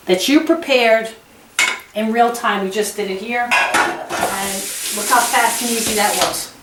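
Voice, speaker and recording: Woman host for a home cooking demo, rather high voice, effusive and chatty, picked up from off-mic in an echoey kitchen. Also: a bit bright, far from the mic, slight background noise. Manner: gushing, exclamatory and chatty.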